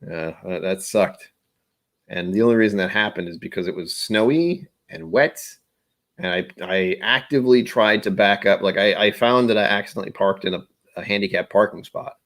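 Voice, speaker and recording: A man hosting a casual livestream, chatting and rambling, often trailing off into quiet asides. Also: lowish voice, moderate pace. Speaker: livestream host.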